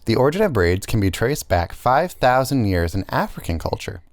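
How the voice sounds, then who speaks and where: A man's voice: medium pitch, very animated, brisk, no room sound. A man co-hosting a podcast in casual, playful banter, laughing often. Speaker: podcast co-host. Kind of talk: casual chat.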